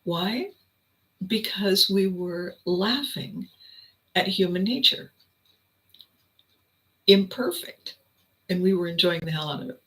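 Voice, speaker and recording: Female podcast host, animated storyteller, bright tone. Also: on the low side, slow, long pauses, poor audio. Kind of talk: reflective storytelling monologue.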